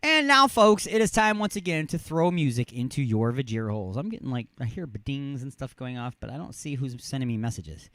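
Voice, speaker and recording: An internet radio host in a studio races through comedic banter about strange news stories, rambling and poking fun at himself. His mid-range voice is animated and brisk with hardly any pauses, and there's slight background noise.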